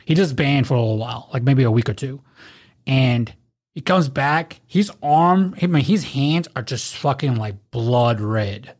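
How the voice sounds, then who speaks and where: Unhurried and mid-range in pitch, this drunk man spins rowdy, foul-mouthed tales in relaxed conversation. He brings them to life by performing the voices of those he quotes.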